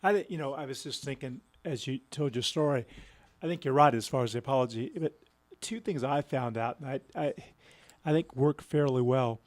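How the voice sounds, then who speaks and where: A man who coaches, giving thoughtful, measured advice in a casual radio chat. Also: medium pitch, dry recording.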